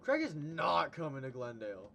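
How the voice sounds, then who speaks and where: A man's voice: a little high, huge pitch swings, moderate pace, gravelly, fairly bright tone. A young man hosting a casual livestream, chatting with a guest, laughing often and retelling stories. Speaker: stream host.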